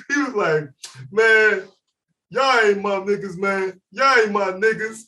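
A man co-hosting a podcast, telling a story in casual chat, laughing often and loudly acting out what people said. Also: sits high, unhurried, recorded from a distance. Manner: animated, laughing, acts out quotes loudly. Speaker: podcast co-host.

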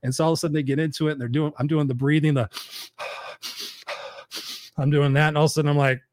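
Fast-talking, swearing male talk host. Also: on the high side, little pitch movement, a little mellow, dry recording, clean studio sound. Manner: loose, profane, rambling storyteller. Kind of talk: casual live-stream chat.

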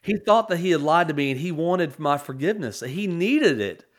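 A man's voice: a little high, lively intonation, moderate pace. A man in his forties telling a tender family story on a talk show, rambling with many restarts and fillers. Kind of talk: storytelling in casual chat.

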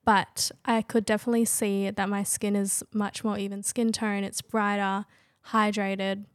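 A young adult woman co-hosting a podcast, relaxed and upbeat. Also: medium pitch, normal speed, no echo, studio quality. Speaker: podcast co-host. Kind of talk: casual podcast chat.

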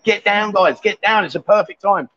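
A man with a high, light voice hosts a live stream from a bar, teasing and joking with his guests in easy banter. The audio is dull and lo-fi. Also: normal speed, fairly bright tone, slight background noise. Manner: teasing, jokey and chatty. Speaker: livestream host.

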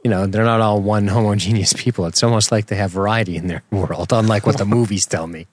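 A man from the United States co-hosting a podcast, swearing freely and joking as he chats casually. His voice sits on the low side. The sound is dry and close. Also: fairly even intonation, fast, no room sound. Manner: profane, jokey, laughs often. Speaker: podcast co-host. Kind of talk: casual chat.

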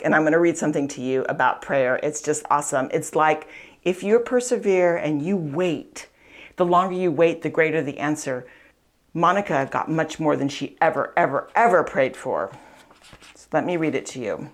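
A woman hosting a faith podcast, telling a saint's story in an earnest, chatty way with frequent asides. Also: sits low. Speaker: podcast host, author and speaker. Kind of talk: conversational storytelling teaching.

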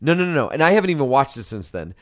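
A man co-hosting a casual podcast who rambles through joking stories. His voice sits at a mid pitch. The sound is dry and close to the mic. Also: very animated, racing, no echo. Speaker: podcast co-host.

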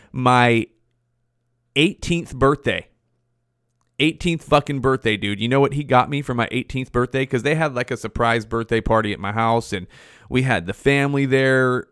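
A man's voice: mid-range voice, fairly bright tone, dry recording, clean studio sound. A man in his forties casually telling rambling, profane stories as a podcast host. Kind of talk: casual storytelling.

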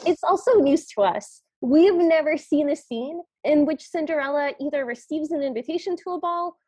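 High-voiced woman co-hosting a podcast. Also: moderate pace, darkish tone, no room sound. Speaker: podcast co-host. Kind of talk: casual recap chat.

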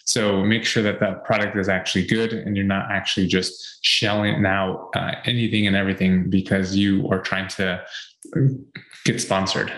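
Male podcast co-host, lowish voice, earnest and rambling, echoey room. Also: level tone, normal speed, a bit bright. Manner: earnest, repeats points with fillers. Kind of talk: casual advice chat.

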